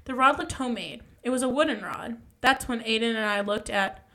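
A woman's voice: on the high side, brisk, sharp tone. A young woman casually reading a ghost story aloud, stumbling and correcting herself as she goes.

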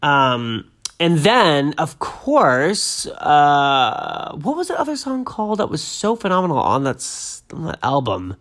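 Male host, 30s, casual, slightly high pitch, rambling, excitable. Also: slow. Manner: rambling, excitable, self-interrupting. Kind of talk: casual chat about music.

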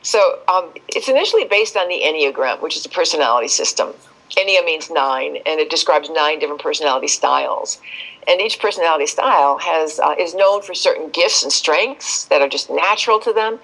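Speaking very deep and fairly quickly, a female expert guest on a podcast tells animated stories, performing the voices of the people she quotes. The recording is low-quality.

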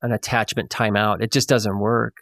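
A man's voice: lowish voice, little pitch movement, normal speed, fairly bright tone, no echo. Reflective man hosting, dry sound. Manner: reflective, affirming, many fillers. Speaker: podcast host. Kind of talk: podcast interview.

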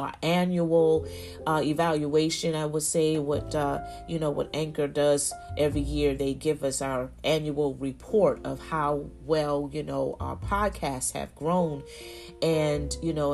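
A woman's voice: low-pitched, darkish tone. A woman hosting a faith podcast, talking effusively and exclaiming often, with frequent "you know" and "y'all". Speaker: podcast host.

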